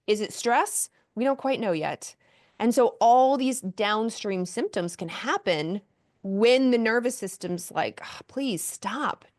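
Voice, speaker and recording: A woman doctor speaks as a podcast guest. She explains her subject in a lively way and now and then slips into the inner voices of the people she describes. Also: on the high side, measured pace. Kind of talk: casual interview conversation.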